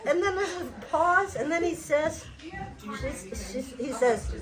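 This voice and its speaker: A woman's voice: high-pitched, expressive, takes it slowly, over music. A woman telling a family anecdote to a gathering in a large room, laughing often as she talks. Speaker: family storyteller. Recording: chatter of a crowd in a hall. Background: family members talking and laughing.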